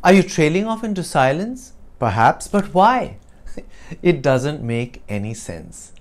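A man teaching an English lesson, explaining clearly and deliberately with wry asides. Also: a little high, sing-song.

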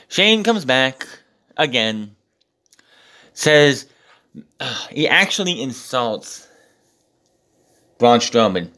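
A man's voice: medium pitch, fairly bright tone. Exasperated man ranting through a recap. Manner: profane, exasperated, acts out quotes mockingly. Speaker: wrestling show reviewer. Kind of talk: casual recap with ranting commentary.

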